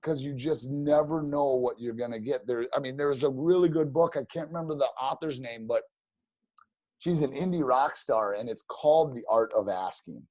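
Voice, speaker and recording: A man telling stories as a podcast guest, animated and rambling, with many restarts. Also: medium pitch, moderate pace, dry recording. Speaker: podcast guest, real estate agent. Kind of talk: casual storytelling interview.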